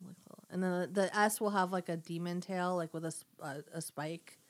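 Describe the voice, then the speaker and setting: A woman's voice: lowish voice, steady tone, fairly quick, dry recording. A woman co-hosting a podcast in casual chat, rambling with lots of "like", giggling and putting on goofy voices. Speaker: podcast co-host.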